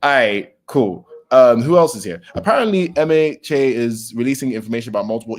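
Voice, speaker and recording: A man's voice: a little high, very animated, normal speed. A young man chatting casually on a livestream as he reacts to a manga, greeting viewers by name and swearing loosely.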